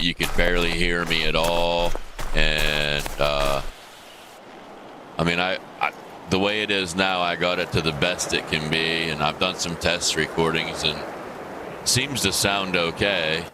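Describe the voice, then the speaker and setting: A man with a very low voice chats casually while streaming a game, wandering through his thoughts with plenty of ums and restarts. He talks through a gaming headset mic, and a steady hiss of noise sits behind him. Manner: rambling, many fillers and restarts. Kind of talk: casual live-stream chat.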